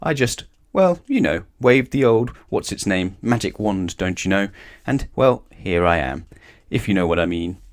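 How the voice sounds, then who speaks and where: A man's voice: low-pitched, lively intonation, moderate pace. A man voicing a wordy, pompous old male wizard who rambles in a fussy, roundabout way. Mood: rambling.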